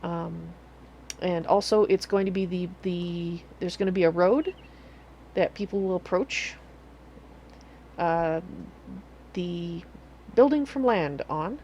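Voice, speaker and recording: A woman's voice: lowish voice, takes it slowly, pauses often, darkish tone, highs cut off, slight background noise. A woman streaming a game live, chatting casually and rambling with self-corrections. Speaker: livestreamer. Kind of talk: casual livestream commentary.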